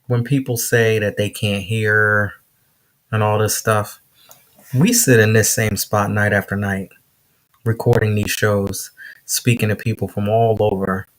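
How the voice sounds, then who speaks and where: A man hosting a casual podcast interview, laid-back and quick to laugh. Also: on the low side, flat delivery. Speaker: podcast host.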